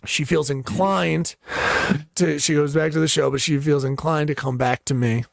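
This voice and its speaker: A young man co-hosting a podcast tells a long, rambling story in casual chat, swearing and laughing along the way. His voice sits a bit high with a gravelly, fried edge. The sound is dry and close to the mic. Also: fairly even intonation, moderate pace, no room sound. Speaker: podcast co-host and stand-up comic.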